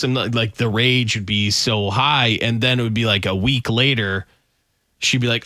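A man's voice: mid-range voice, normal speed, no room sound, studio quality. A man co-hosting a casual radio show, telling stories and acting out the voices of people in them. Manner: animated storyteller, acts out quoted voices.

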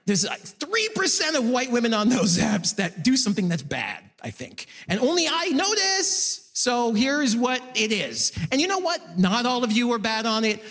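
A male stand-up comedian working a live room, with a voice that sits high and swoops around a lot. He breaks into excited high yelps when acting out moments. His voice carries through a reverberant venue with a long tail. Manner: animated, swinging into high excited yelps for acted-out bits. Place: comedy club stage.

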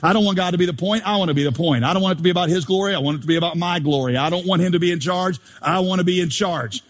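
Pastor, male, high husky voice, animated joking sermon delivery, long reverb. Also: rapid-fire. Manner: animated, joking, rhetorical questions.

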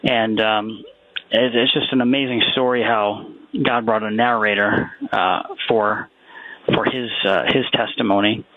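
A man's voice: on the low side, steady tone, measured pace, dry recording. A man being interviewed as a guest author, talking casually with many fillers and restarts. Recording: tinny phone line.

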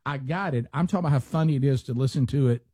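A man's voice: medium pitch, very fast, mellow, slightly rough, no room sound. Chatty radio host man. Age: middle-aged. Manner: chatty, mimics lazy podcast talk. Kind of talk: casual talk show banter.

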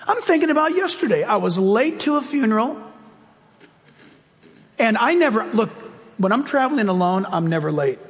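A man preaching a sermon as pastor, animated and storytelling, with sudden swings in his voice. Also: sits high, big-room sound.

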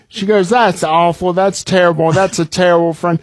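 A man's voice: high-pitched, steady tone, normal speed, hardly any pauses, dry recording. A young man in his twenties, a comedian guest telling comic stories with many ums and restarts, laughing at his own jokes. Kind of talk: comic storytelling.

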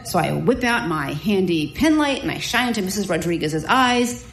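A woman doctor telling a personal story in a lively, self-mocking, vivid way. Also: medium pitch, moderate pace, roomy sound, poor audio. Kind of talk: live storytelling.

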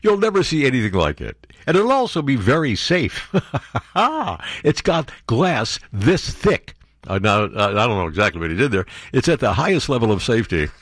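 A man hosts a talk radio show, reading the news aloud and cutting in with mocking, sarcastic remarks. His pitch swings widely as he jabs at what he reads, and the sound is close and dry, with no room echo. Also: fairly bright tone. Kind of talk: opinionated talk radio commentary.

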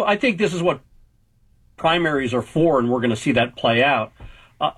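A man in his fifties, a political journalist guest, giving measured analysis with hedges and restarts. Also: medium pitch, fairly bright tone, breathy edge, poor audio. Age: 50s. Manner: measured, hedging, frequent restarts.

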